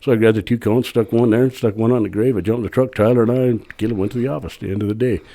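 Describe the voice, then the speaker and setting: Guest storyteller, man, low mellow voice, rattles through a rambling anecdote. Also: fairly even intonation, very fast. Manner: rambling, plain-spoken, acts out his own quotes. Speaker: podcast guest telling a story; cemetery worker. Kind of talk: casual storytelling.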